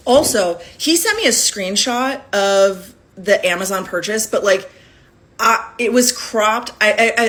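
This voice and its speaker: A woman in her thirties from California, telling a personal story to her phone camera in a candid, animated way and acting out the lines people said. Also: medium pitch.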